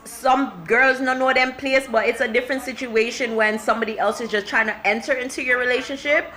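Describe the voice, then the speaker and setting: Bright-voiced blunt young woman vlogger. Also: medium pitch, slight background noise. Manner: blunt, profane, ranting, slips into patois-style slang. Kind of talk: casual vlog and rant to camera.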